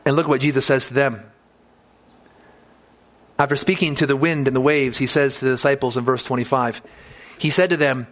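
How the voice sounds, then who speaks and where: A man's voice: fairly high pitch, a little fast, fairly bright tone. A man preaching a sermon as a pastor, talking earnestly and often repeating words as he restarts his phrases.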